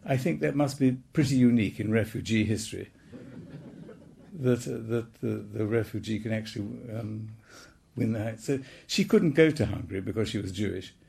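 An elderly man in his eighties shares his reminiscences in a relaxed, wry, anecdotal way. His voice is gravelly, with a soft and mellow tone. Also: fairly low pitch, moderate pace. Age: 80s. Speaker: speaker recounting his childhood. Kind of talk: reminiscing talk.

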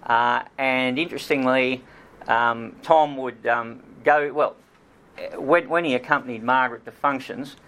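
Creaky-voiced man telling a story. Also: mid-range voice, steady tone, measured pace, fairly bright tone. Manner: hesitant, many ums and restarts. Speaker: author giving a talk. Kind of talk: storytelling talk.

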